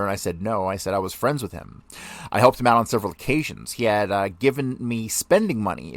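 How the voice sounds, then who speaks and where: A male podcast host reading a testimony transcript aloud, with the questions louder and higher than the answers. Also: no echo.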